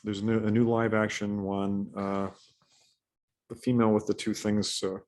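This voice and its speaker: A man as a podcast guest in casual chat, laid-back and quick to agree. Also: lowish voice, flat delivery, darkish tone.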